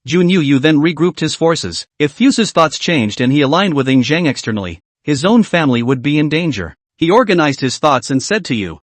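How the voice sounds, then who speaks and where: A man narrates a story recap in second person, brisk and dramatic. His voice sits a little high and moves lively in pitch. The recording is dry and close. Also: no room sound.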